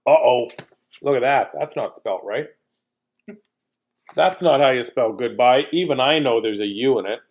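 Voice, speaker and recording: On a muffled recording, a man reads a bedtime picture book at normal speed, pausing often. His medium-pitched voice is animated and jokey, and he stops now and then for playful asides to his listeners.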